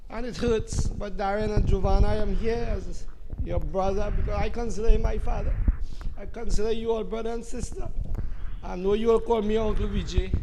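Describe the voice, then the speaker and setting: A middle-aged man, giving a heartfelt, halting funeral eulogy while tearful. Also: sits high. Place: funeral hall. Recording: reverberant hall with background noise.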